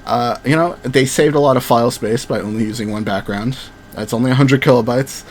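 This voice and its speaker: A man's voice: medium pitch, a little fast, slight background noise, rough recording. A man giving casual, joking commentary while streaming a game, swearing and laughing easily.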